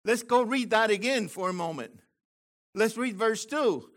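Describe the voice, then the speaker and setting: An older man delivering excited Bible teaching with a high, bright voice. He swoops all over his range and breaks into loud exclamations. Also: measured pace. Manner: exclamatory, animated, bursts of shouting. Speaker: preacher.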